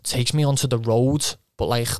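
A man's voice: medium pitch, steady tone, normal speed, a little mellow, no echo, studio quality. A young man telling a rambling, swearing footballer's anecdote, quoting himself and laughing often. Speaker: footballer guest. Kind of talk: casual anecdote.

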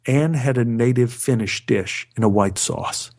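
A male storyteller with a middle-pitched voice, narrating a scripted personal tale. His delivery is wry and dry, landing jokes with a straight face. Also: unhurried, darkish tone. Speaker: storyteller, actor.

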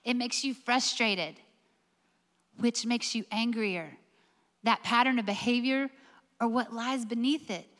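A woman's voice: fairly high pitch, measured pace, long pauses, fairly bright tone, big-room sound. A woman preaching a sermon, emphatic and full of rhetorical questions.

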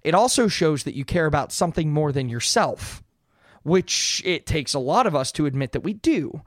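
A man's voice: on the high side, animated, moderate pace, no room sound, studio quality. A man in his thirties hosting a casual solo podcast, talking earnestly in a rambling way with many fillers and restarts. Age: 30s. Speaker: podcast host.

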